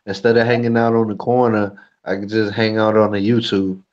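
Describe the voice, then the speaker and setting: A man's voice: fairly low pitch, flat delivery, brisk, dull audio. A man talking frankly in a casual chat as a YouTuber and co-host, cursing freely. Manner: blunt, frank, curses freely.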